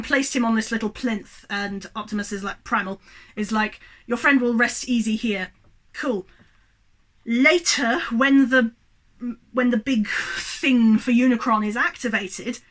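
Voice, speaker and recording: A young woman reviewing a movie at home in front of a tripod camera, ranting in an exasperated, worked-up way and swearing freely. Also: a little high.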